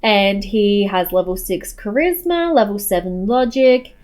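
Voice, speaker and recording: A woman's voice: medium pitch, a little slow, a little mellow. A young woman chatting casually as a gaming YouTuber, emotional and gushing as she shows off her game. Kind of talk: casual gameplay commentary.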